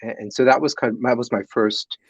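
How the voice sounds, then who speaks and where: A man talking as a guest on a live podcast, telling his stories in a lively way with many fillers and restarts. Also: mid-range voice, brisk, husky, no echo, low-quality recording. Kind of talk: animated storytelling in a live podcast.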